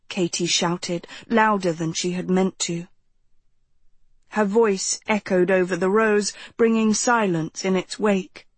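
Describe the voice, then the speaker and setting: A woman reading a novel aloud as audiobook narrator, steady and unhurried. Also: mid-range voice, slightly rough, no echo. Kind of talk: scripted narration.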